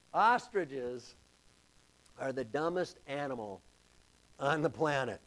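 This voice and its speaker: Slow, emphatic male preacher. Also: a little high. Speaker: pastor. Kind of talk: sermon.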